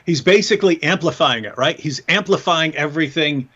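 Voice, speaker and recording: A man in casual live-stream chat, mocking and animated, laughing often as he talks. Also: on the high side, a little fast, muffled recording. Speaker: co-host.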